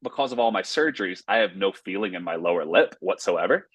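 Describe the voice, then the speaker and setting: A man's voice: deep voice, animated, fast, husky, no echo. A man from North Carolina, a pastor and author, telling a personal story earnestly in a casual interview. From Raleigh, North Carolina, US.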